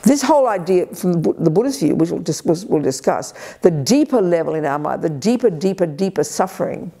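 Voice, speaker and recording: An older woman teaching at a Buddhist retreat, energetic and emphatic, acting out people's inner voices. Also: lowish voice, a little fast. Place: retreat center hall.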